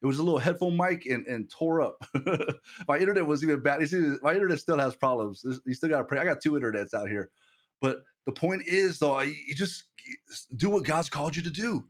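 A man in his thirties preaching casually on a livestream through a headset mic, animated and quick to repeat himself and laugh. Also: on the high side. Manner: animated, repeats words and restarts, laughs often. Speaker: streamer preacher.

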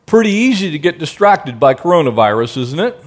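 A male pastor delivering a sermon in a high, lively voice that swings widely in pitch. He keeps firing rhetorical questions at his listeners and now and then softens into a gentle hush. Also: fairly quick. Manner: animated preaching, rhetorical questions to the congregation; drops to a soft, gentle tone for quiet passages.

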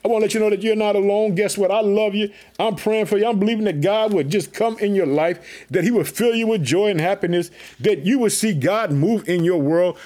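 Pumped-up high-voiced preacher man. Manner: excited, repetitive preaching catchphrases. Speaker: pastor. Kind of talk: energetic podcast sermon.

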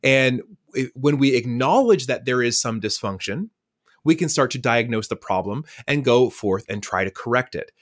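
A man speaking as a podcast guest, telling stories in a lively conversational way and acting out the dialogue. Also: medium pitch, moderate pace. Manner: lively storyteller who acts out dialogue. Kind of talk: conversational storytelling.

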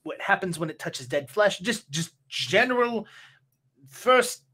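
Brief: woman game master, slow halting narration, lowish voice. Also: lively intonation, fairly bright tone, husky. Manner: halting, many restarts.

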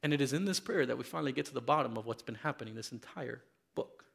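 A man preaching a sermon, reading scripture with dramatic, animated intensity. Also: mid-range voice, fast talker, creaky, breathy edge.

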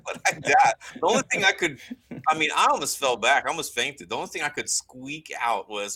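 A man, a guest on a talk show, telling a personal story in an earnest, halting way with many restarts. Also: medium pitch, animated, pushed and bright, husky, low-quality recording.

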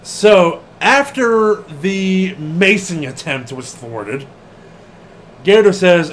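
A man with a high, lively voice talks slowly through a casual wrestling podcast. He laughs a lot, swears freely and acts out what people said. A faint hum of room noise sits behind him. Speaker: podcast co-host.

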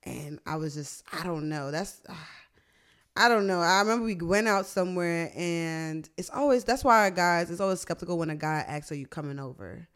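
A woman's voice: on the low side, normal speed. A young woman, a podcast host in casual chat, swearing freely and acting out quotes as she tells stories. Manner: animated storytelling, profane, acts out quotes.

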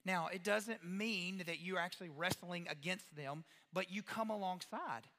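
A man, a pastor, giving an animated sermon-style talk to parents, acting out quoted voices and asking the audience questions. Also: high voice, a little slow, big-room sound, background noise.

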